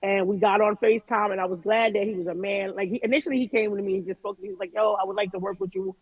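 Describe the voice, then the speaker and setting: A woman's voice: medium pitch, rapid-fire, breathy edge, dry recording. Candid chatty woman on a muffled call. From Jamaica. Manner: candid, chatty, quoting people in lively voices. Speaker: music artist guest. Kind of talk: casual remote interview.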